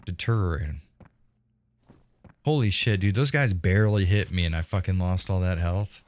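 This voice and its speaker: A young man with a very deep, low voice streams a shooter game live. He swears a lot and taunts the enemies with a cocky edge. When he sneaks, he drops into a hushed whisper. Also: expressive, a little fast. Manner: profane, cocky trash talk at game enemies. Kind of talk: casual live-stream commentary.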